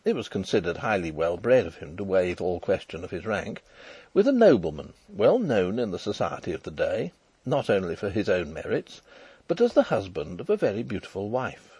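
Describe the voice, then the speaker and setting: A man reads a classic novel aloud in a wry, expressive storytelling manner. His lowish voice is husky and swings widely in pitch, recorded dry and close with no room sound. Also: normal speed, no room sound. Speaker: audiobook narrator. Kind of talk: scripted narration of a classic novel.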